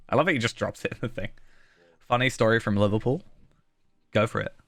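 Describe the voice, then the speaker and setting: A man's voice: fairly low pitch, brisk, a bit bright, no room sound, faint music behind. A man from the south of the UK with a southern British accent, chatting casually with his live-stream chat while gaming, rambling and chuckling often. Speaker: game streamer.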